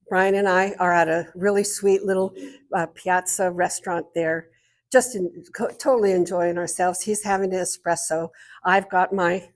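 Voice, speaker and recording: A woman giving a talk as guest speaker at an art society, telling a chatty, meandering story and often interrupting herself. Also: medium pitch.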